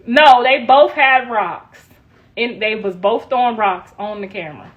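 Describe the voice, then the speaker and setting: A woman's voice: fairly high pitch, measured pace, dull audio. A middle-aged woman chatting casually on a livestream, laughing often, her voice worn out.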